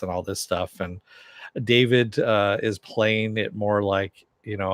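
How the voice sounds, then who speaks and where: A man's voice: lowish voice, slow pace, dry recording. A man casually recapping a TV episode, rambling with lots of fillers and restarts, quoting characters in a slightly raised voice. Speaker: TV episode reviewer.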